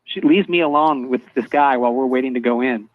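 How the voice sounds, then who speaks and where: A man telling a personal story as a guest in casual chat, halting, with many fillers and restarts. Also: medium pitch, no echo. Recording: dull lo-fi online audio stream.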